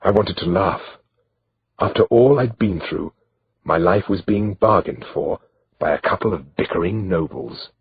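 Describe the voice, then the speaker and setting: A man narrating an audiobook in first person with a measured, steady delivery, in a slightly dull lo-fi recording. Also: low voice, breathy edge.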